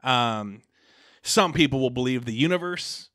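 Speaking at a measured pace, the young podcast host has a medium-pitched voice with lively intonation and a sharp edge. He's from the Pacific Northwest, a little out of breath, and rambles casually with frequent fillers and restarts. There's no room sound; it's studio quality.

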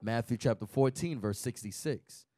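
A man reading scripture aloud in a Bible class at a measured pace, with the odd stumble. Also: mid-range voice, warm tone, dry recording, clean studio sound.

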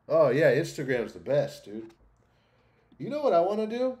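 Warm-voiced crude streamer man. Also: fairly high pitch, sing-song, moderate pace. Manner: crude, blunt and swearing, drawling. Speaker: streamer reacting to videos. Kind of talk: casual reaction chat.

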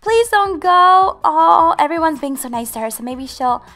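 A woman's voice: very high voice, animated, normal speed, fairly bright tone. A woman hosting a game channel, giving bubbly, giggly roleplay commentary to her viewers.

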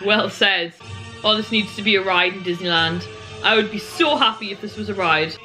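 A young woman vlogging at home in a rushed, gushing and excitable way. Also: medium pitch, faint music behind. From United Kingdom. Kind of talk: casual vlog chat. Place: at home in a living room. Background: television audio.

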